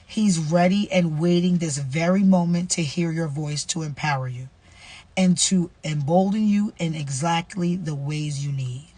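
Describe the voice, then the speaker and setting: A woman's voice: low-pitched, unhurried, dark tone, slightly rough. A woman, casually sharing faith advice and reading a devotional aloud, repeating herself and using slang. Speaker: vlogger running a nonprofit.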